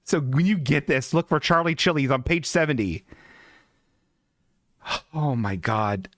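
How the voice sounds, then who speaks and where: A man's voice: fairly high pitch, fairly quick, no room sound, clean studio sound. A man hosting a comedy show, riffing on pictures with lots of giggling asides. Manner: animated, giggly, riffing on images. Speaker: podcast host. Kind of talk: casual comedic commentary.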